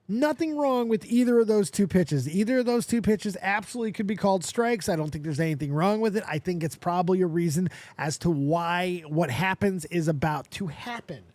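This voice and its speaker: A man hosting a show, reacting excitedly to a video clip, often laughing and repeating himself. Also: sits high, a little fast, few pauses, dry recording. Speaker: podcast host. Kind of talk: casual reaction commentary.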